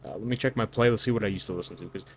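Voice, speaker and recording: A man's voice: on the low side, rapid-fire, slight background noise. A man giving reaction commentary on song lyrics, incredulous and lecturing, with loose fillers and restarts. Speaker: online commentator.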